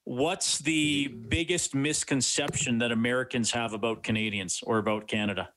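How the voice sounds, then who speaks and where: An upbeat male sports radio host talks at a middle pitch. He moves from a friendly chat with his guest to a brisk rundown of the day's team news. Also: fairly even intonation, fairly bright tone.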